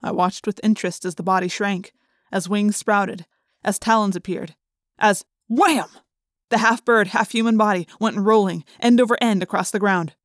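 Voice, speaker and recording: A woman narrating an audiobook in the first person, measured and suspenseful in a mid-pitched voice. The recording is dry and close to the mic, with no room around her. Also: fairly even intonation, no room sound.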